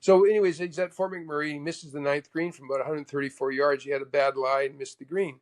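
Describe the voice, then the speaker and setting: A man from Canada, a former tour golfer, telling animated stories in a casual interview. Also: fairly high pitch, quick pace. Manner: animated anecdote teller, acts out the voices of others.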